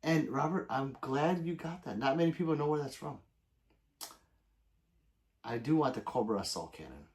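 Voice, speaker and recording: A man chatting casually on a livestream, reading out viewer comments one after another. His pitch swings up and down a lot as he talks, and he swears freely between his plugs for subscriptions. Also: animated, normal speed, pauses often. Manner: loose and profane, plugs merch and subscriptions. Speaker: livestream host.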